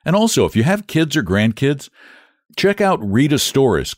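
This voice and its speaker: A man hosting a podcast and reading a classic short story aloud in a steady, clear way. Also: medium pitch, moderate pace. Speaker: podcast host and narrator.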